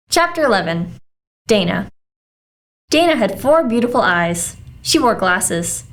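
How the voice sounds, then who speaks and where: A woman reading a children's book aloud, with a lively, expressive delivery. Her voice sits fairly high and moves a lot, just as storytelling does. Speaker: reader.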